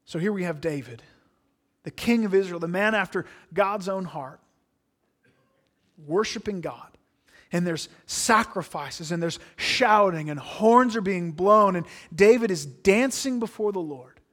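A man preaching a sermon, reading scripture aloud and then explaining it earnestly, sometimes dropping to a hushed aside. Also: high voice, unhurried.

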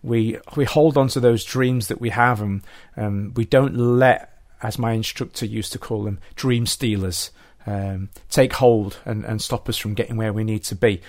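A man's voice: on the low side, steady tone, measured pace, hardly any pauses, darkish tone, dry recording. A man hosting a podcast, chatting casually and encouragingly with his guest and listeners. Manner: upbeat, encouraging. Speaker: podcast host. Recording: dry close sound.

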